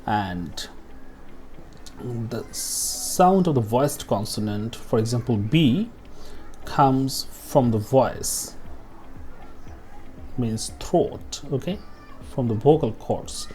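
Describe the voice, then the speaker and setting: Slow, patient male pronunciation teacher. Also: mid-range voice, animated, warm tone, soft background music. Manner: slow, repeats example words, tags "okay?" often. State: coughing now and then. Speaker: English teacher. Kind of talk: pronunciation lesson.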